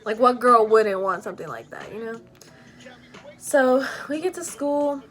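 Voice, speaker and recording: A woman's voice: on the high side, expressive, a little slow, a bit bright, faint music behind. Rambling young woman telling a story. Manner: rambling, full of "like" and "you know". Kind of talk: casual storytime.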